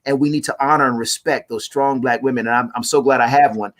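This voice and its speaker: A man, a guest on a live talk show, telling stories about acting and family with big swings in pitch. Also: fast talker. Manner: animated, preacherly storytelling with wide swings in pitch. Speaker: guest, actor and playwright.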